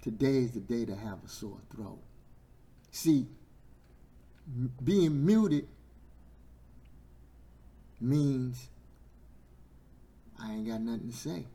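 Hoarse preacher guy, aave, slow drawn-out delivery that climbs to yelling. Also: mid-range voice, expressive. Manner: builds to shouting, stretches words, sore throat. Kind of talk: sermon.

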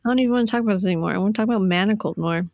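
A woman's voice: medium pitch, racing, a little mellow, no room sound. Chatty woman podcast co-host, dry close sound. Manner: chatty, laughing, rambling asides. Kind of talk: casual chat.

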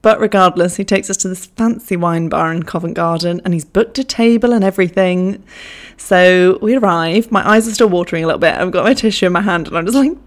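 A woman's voice: on the low side, fairly quick. A young woman telling a funny personal story in a chatty, self-mocking way, swearing freely. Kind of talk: casual anecdote.

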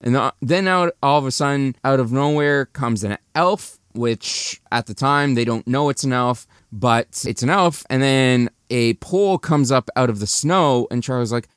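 A man giving a chatty, animated recap of a movie's plot, restarting sentences as he goes. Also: medium pitch, moderate pace, hardly any pauses, smooth, dry recording, clean studio sound.

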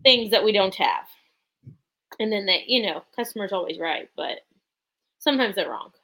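A woman in a relaxed podcast chat, speaking at a middle pitch. She tells her side of a story plainly and easily. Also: normal speed, poor audio. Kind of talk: casual chat.

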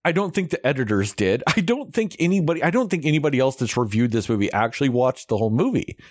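A man's voice: medium pitch, very animated, quick pace, no echo, studio quality. A young man hosting a podcast, ranting about a movie in casual, heavily profane chat. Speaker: podcast host reviewing a movie.

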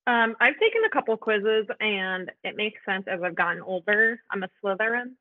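A woman's voice: mid-range voice, animated, moderate pace. A woman of twenty-nine, a podcast guest, chatting candidly, laughing often and swearing. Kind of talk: casual chat. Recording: tinny phone-like line, dry.

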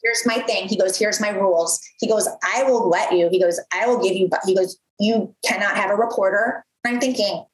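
A woman in her thirties telling a story from her career in a casual, animated way, full of fillers and acted-out quotes. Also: mid-range voice, a little fast, hardly any pauses. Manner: animated, lots of "like", acts out quoted voices. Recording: roomy echo.

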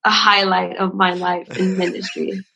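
A young woman who works in ministry, appearing as a guest, swaps funny church stories in a casual chat, acting out quotes in a raised voice and laughing often. Her voice is mid-range and creaky at a normal speed, with an animated manner. The audio is poor, with a crowd audible behind her.

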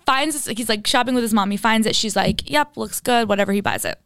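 A young woman in casual chat, telling a story with lots of "like" and lively retellings. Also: fairly high pitch, fast talker, clean tone, no room sound, clean studio sound. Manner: storytelling, animated retellings full of "like".

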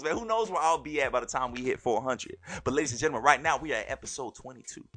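A young adult man hosting a podcast, telling stories in an animated way and often calling out "ladies and gentlemen". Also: medium pitch. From born in Turkey, raised overseas in a military family. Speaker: podcast host. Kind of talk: solo podcast monologue.

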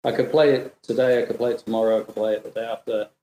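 A man's voice: medium pitch, steady tone, racing, heavy background noise. A man chatting as a podcast guest, hesitant and listing his thoughts. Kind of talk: casual chat. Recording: echoey room.

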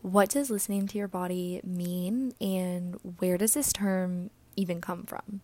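A young woman hosting a casual solo podcast, chatty and earnest, sounding a bit out of breath and breathy, with words often trailing off into a whisper. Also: fairly low pitch, fairly even intonation, unhurried, darkish tone, no echo. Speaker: podcast host.

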